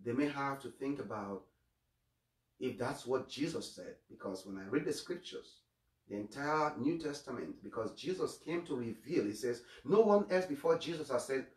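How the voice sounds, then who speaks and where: A man's voice: medium pitch, lively intonation, normal speed, darkish tone, distant mic. A man giving a homily as a priest, earnest, often repeating his first words and stumbling on starts. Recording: echoey room, voice away from mic.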